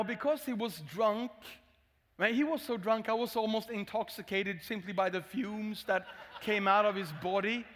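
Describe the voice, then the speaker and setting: A Swedish-accented male pastor tells a humorous, candid story from the pulpit. His voice sits high for a man. A long hall reverb trails after every phrase. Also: a bit bright, a little hiss or hum. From Sweden. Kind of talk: sermon.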